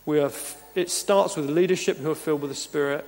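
A man's voice: fairly high pitch, steady tone, fairly quick, a little mellow. A man preaching a sermon as pastor, earnest and emphatic, chuckling now and then between points. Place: church hall. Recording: long reverb of a church hall.

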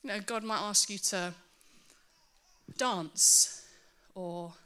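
A woman preaching a sermon to her church, earnest and animated, with self-mocking asides. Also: medium pitch, drawn-out words.

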